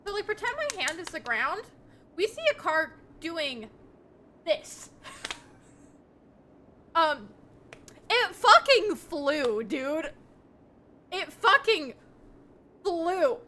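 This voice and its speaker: A woman's voice: very high voice, sing-song, very slow, long pauses, bright, forceful tone, slight background noise. A young woman streaming live, chatting casually with her viewers in a rambling, giggly way with lots of ums.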